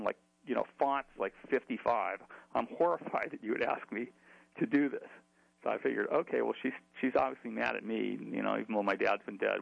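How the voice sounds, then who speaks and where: A man's voice: medium pitch, gravelly, no echo, lo-fi sound. A man telling a long story in an interview, chatty, with many fillers and restarts. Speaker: author.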